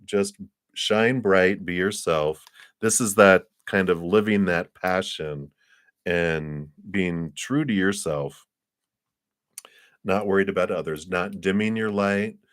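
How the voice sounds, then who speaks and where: A man's voice: sits low, dry recording, clean studio sound. A man giving a live tarot card reading in a casual, chatty way, laughing often and acting out little scenes. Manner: acts out little scenes in quoted voices.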